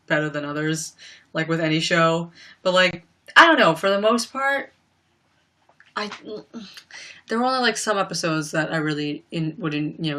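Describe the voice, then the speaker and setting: A young woman talks casually into her computer mic during a livestream at home. Her voice sits low for a woman, with a bright, forceful edge, and she rambles with plenty of "like" and "you know.". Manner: chatty and rambling, many fillers and frequent laughs.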